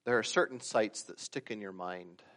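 A man preaching a sermon, swinging from loud emphatic peaks to quiet asides and acting out the stories he tells. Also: fairly low pitch, moderate pace. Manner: acts out quoted voices and stories. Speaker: pastor.

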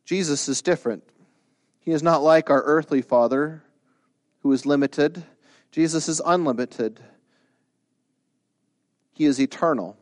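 A man preaching a sermon, animated, who acts out the quoted lines with big jumps in his voice. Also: on the high side, a little slow, pauses often, no echo, clean studio sound. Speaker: pastor.

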